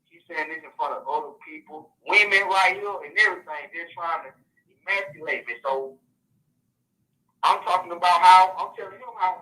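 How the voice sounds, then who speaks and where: Bright-voiced man telling a profane story. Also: sits high, moderate pace, poor audio. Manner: profane, animated storytelling with quoted dialogue. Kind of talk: casual storytelling on a call-in podcast.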